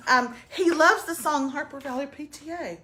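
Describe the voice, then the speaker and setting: This woman in her forties talks high and bright. She is loud and playful, teasing in big swings as she co-hosts a live morning show. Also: normal speed, a little hiss or hum. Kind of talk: casual live chat, reading a viewer's message.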